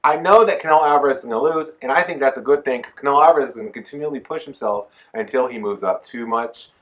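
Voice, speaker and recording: Animated, bright-voiced man talking boxing. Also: medium pitch, fast talker, dull audio. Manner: animated, emphatic opinions. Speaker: co-host. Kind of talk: casual boxing chat. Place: Texas.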